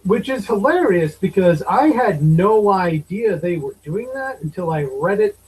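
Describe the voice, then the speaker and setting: A man's voice: sits high, lively intonation, a little slow, darkish tone, breathy edge, low-quality recording. A man in his thirties co-hosting a podcast, giving opinionated, exasperated movie commentary. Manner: opinionated, exasperated, swears casually. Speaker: podcast co-host. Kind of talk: casual movie review chat.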